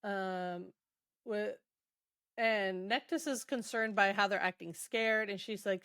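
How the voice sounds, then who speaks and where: A woman at a middle pitch chatting through a book recap. She paraphrases dialogue loosely, drops in ums and quick laughs. The recording is dry and close. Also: steady tone, a bit bright, dry recording. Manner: retells scenes loosely with quick quoted asides, many ums, laughs. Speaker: podcast co-host.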